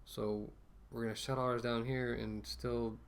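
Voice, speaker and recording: A man's voice: mid-range voice, level tone, unhurried, creaky. A man ranting casually to camera as a vlogger, rambling with many fillers and restarts, talking through a mask.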